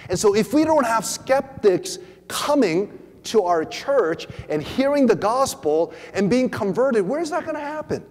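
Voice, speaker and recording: A man giving a teaching talk to a church audience, animated, often repeating words and acting out quoted voices. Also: very high voice, measured pace. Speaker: preacher. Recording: long hall reverb.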